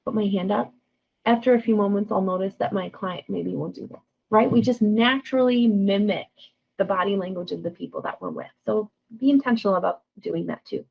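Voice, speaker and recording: A woman's voice: mid-range voice, fairly quick, gravelly, slightly rough. A woman counselor giving a conversational training talk, often checking in with "right?" and acting out sample lines. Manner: conversational, frequent tag questions, acts out example lines. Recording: dull lo-fi sound.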